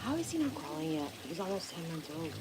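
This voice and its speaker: A woman's voice: deep voice, big pitch swings, fast talker, crowd noise. Blunt, swearing woman livestreamer. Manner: blunt, swears freely, talks to her dog and chat. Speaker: baking livestream host. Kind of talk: casual livestream chat. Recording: loud background noise.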